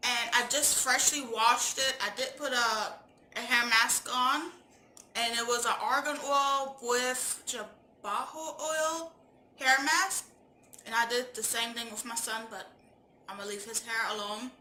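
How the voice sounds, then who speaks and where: A woman's voice: fairly high pitch, unhurried, bright, forceful tone, slight background noise. A woman beauty vlogger opening her video in a chatty, giggly way. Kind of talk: casual tutorial intro. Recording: echoey room.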